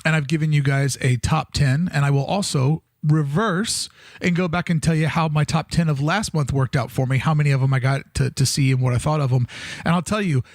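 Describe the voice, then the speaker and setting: Brief: upbeat podcast co-host, man, slightly high voice, dry close mic, jokey and profane. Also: dry recording. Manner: animated, jokey, swears freely. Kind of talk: casual chat.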